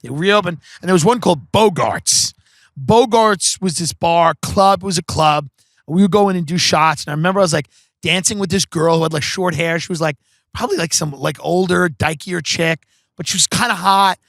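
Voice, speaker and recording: In a dry recording, a podcast host from Long Island spins rambling, profane comedic stories full of filler words. He has a high, fairly bright voice and talks at a normal speed.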